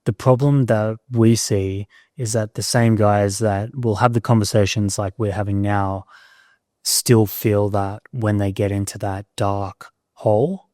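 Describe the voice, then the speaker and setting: A man hosting a podcast, asking thoughtful interview questions in a measured way. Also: fairly low pitch, darkish tone, dry recording, studio quality. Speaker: podcast host.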